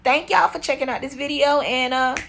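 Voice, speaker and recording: A woman in her forties telling a storytime vlog in a blunt, profane, animated way. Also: sits high, fairly quick, gravelly, a little hiss or hum. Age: 40s. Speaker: vlogger. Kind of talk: casual storytime monologue.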